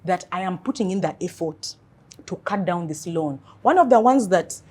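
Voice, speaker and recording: A woman financial coach giving earnest advice in an interview, telling animated stories. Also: lowish voice, moderate pace, breathy edge.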